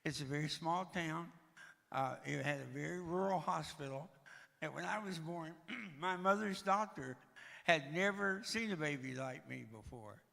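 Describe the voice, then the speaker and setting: A man's voice: on the high side, normal speed, gravelly, sharp tone. A man, breathing heavily as he tells humorous, self-deprecating stories from his life to a church. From Tennessee, USA. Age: 60s. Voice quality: heavy, audible breathing. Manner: self-deprecating, joking storyteller. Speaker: guest speaker. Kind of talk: humorous personal testimony. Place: church sanctuary. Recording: reverberant church hall.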